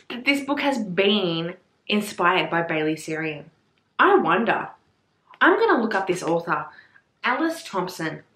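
A young woman talks through her book haul in a casual, swear-laden, excitable way, squealing and gasping over her finds. Her voice is bright and forward at an ordinary pitch. The room around her is echoey. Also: slight background noise. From Australia. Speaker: book vlogger.

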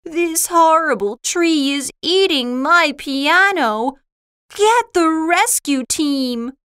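A woman voicing an anxious young boy who cries out in distress, read slowly for learners. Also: sits high, animated, fairly bright tone, voice pushed up, full character voice. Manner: distressed, crying out.

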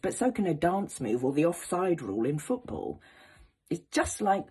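A woman actor giving an encouraging, expressive educational talk to young people. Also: extremely low pitch, slightly rough. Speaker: actor teaching students.

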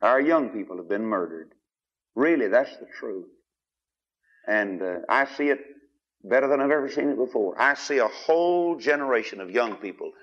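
A man preaching a sermon, emphatic and questioning his listeners, with big swings in loudness. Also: mid-range voice, animated, moderate pace. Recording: dull lo-fi archive recording.

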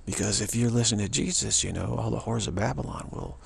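A spiritual speaker with a fairly low, creaky voice delivers an earnest, rambling monologue. He repeats himself and keeps restarting sentences, so his speech comes out halting. There's a slight hiss or hum in the recording.

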